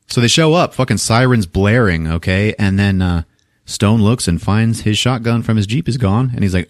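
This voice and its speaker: A podcast co-host with a fairly low voice recaps a film scene by scene at a moderate pace, talking casually and profanely and jumping into character voices to act out lines. The recording is clean studio sound with no room sound.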